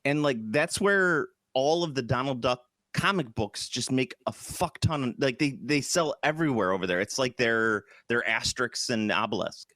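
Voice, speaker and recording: A man's voice: mid-range voice, animated, bright, forceful tone, dry recording, clean studio sound. A man co-hosting a casual podcast chat, rambling and stopping to restart his sentences. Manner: rambling, halting with restarts and fillers. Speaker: podcast co-host.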